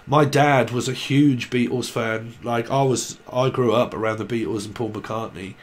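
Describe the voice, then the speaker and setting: A man's voice: mid-range voice, steady tone, moderate pace, a little hiss or hum. A man giving a casual tarot reading to camera. He rambles, laughs often and drifts into snatches of song. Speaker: tarot reader.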